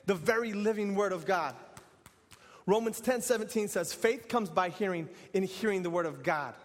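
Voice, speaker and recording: A man's voice: sits high, moderate pace, big-room sound. A man preaching an earnest sermon in repeated, building phrases. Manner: earnest, repetitive, building to exhortation.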